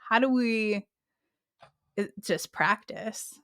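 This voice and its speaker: A woman hosting a casual interview with a smooth, clear voice. Her speech is chatty and full of fillers. The sound is dry and close, with no room echo. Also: mid-range voice, slow, a bit bright. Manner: chatty, uses many fillers, laughs along. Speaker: host.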